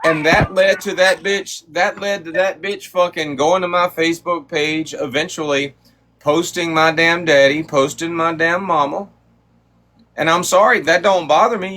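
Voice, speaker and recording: A man's voice: on the high side, fairly bright tone. A man hosting a livestream, telling a heated story in a profane, swaggering way. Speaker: livestream host. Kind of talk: heated casual livestream rant.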